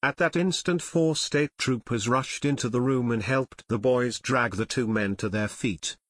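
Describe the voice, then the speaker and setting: A man narrating an adventure audiobook in a steady, measured way. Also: medium pitch, no echo. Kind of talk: scripted narration.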